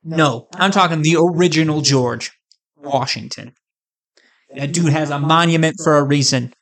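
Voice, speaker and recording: A man's voice: fairly high pitch, moderate pace, a bit bright. A man from the United States, a vlogger, talking straight to camera in a hyped, rambling, jokey rant with crude asides. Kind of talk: casual comedic rant to camera.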